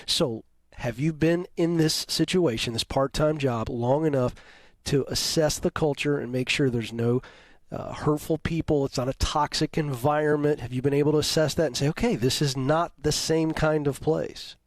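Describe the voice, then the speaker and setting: Male career coach on the radio, somewhat high voice, calm and probing, dry mic. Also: normal speed, no echo. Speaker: radio advice host. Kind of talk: call-in advice.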